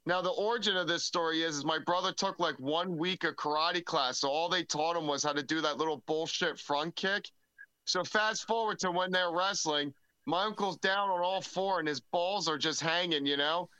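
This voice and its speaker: A man telling animated anecdotes in a casual podcast chat on a close mic. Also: fairly high pitch, moderate pace, clean tone, dry recording, rough recording.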